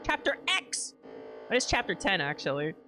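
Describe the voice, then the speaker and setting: Animated, swearing woman streamer. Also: medium pitch, moderate pace. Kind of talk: casual live gameplay commentary. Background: game music.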